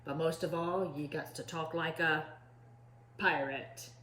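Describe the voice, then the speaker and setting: A woman's voice: low-pitched, fairly even intonation, a little slow, fairly bright tone, reverberant, a little hiss or hum. A woman voicing an impatient, bossy male pirate captain who bellows in pirate slang. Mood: gruff.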